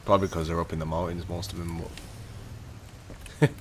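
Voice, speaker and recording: A man's voice: sits low, level tone, brisk, a little hiss or hum. A man from Manchester with a Manchester accent, chatting casually and full of fillers while livestreaming a game. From Manchester, England. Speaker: streamer.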